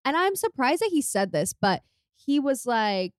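A woman's voice: high-pitched, sing-song, moderate pace, dry recording, studio quality. A woman in her twenties from California, a podcast guest telling stories in a chatty way, laughing as she goes. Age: 20s. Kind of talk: casual chat.

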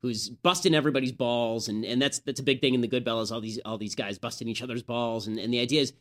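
A man's voice: medium pitch, steady tone, fast talker, a bit bright. Guy hosting a political talk show, chatty and opinionated, restarts his sentences a lot. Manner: opinionated, conversational, with frequent restarts. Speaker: host.

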